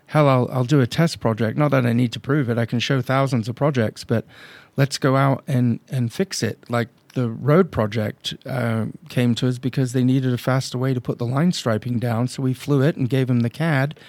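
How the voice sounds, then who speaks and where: Gravelly guy, blunt, tells stories and acts out what clients said, dry close sound. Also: medium pitch, steady tone, normal speed, few pauses, a little mellow, no room sound. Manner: blunt, emphatic storytelling that acts out client dialogue. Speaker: guest, drone company owner. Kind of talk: casual podcast interview.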